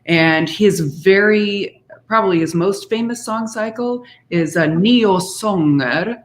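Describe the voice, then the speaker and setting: A woman concert singer, a guest in an interview, giving measured, explanatory answers. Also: mid-range voice. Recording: roomy echo.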